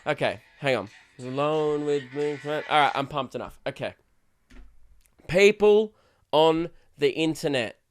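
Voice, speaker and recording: A man's voice: on the high side, unhurried. A young Australian man hosting his own podcast, ranting in a sarcastic, swearing, casual way. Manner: swearing, sarcastic, shouts for effect. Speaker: podcast host and comedian. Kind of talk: casual solo podcast rant.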